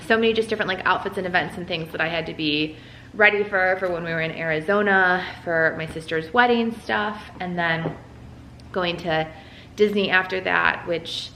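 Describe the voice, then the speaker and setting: A woman's voice: lowish voice, moderate pace, a bit bright, reverberant, a little hiss or hum, low-quality recording. A young woman vlogger casually telling a story at home while folding laundry, full of "like" and "um". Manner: chatty, lots of "like" and "um". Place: room at home.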